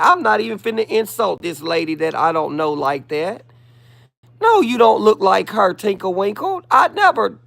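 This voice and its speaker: A man's voice: high voice, vocal fry, a bit bright. A man hosting a live stream, sassily and theatrically roasting a commenter in mock-pleading asides. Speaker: livestreamer.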